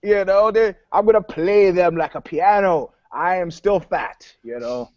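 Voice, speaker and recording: Panelist, male, a bit high-pitched, wry storyteller; dry, dull lo-fi recording. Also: dry recording. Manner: animated, wry, quick to joke. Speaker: podcast panelist. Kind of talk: casual chat, storytelling.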